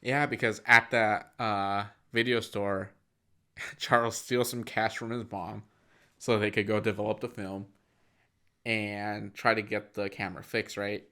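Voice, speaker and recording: A man's voice: fairly low pitch, level tone, a little slow, bright, forceful tone. A man co-hosting a podcast, casually recapping a film in a rambling way with frequent fillers. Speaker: podcast co-host. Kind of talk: casual movie-review chat.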